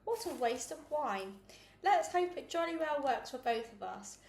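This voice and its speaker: A woman's voice: sits high, lively intonation, measured pace, darkish tone, pitched above the performer's own voice. Woman voicing a flustered, kind carer. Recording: echoey room with faint noise.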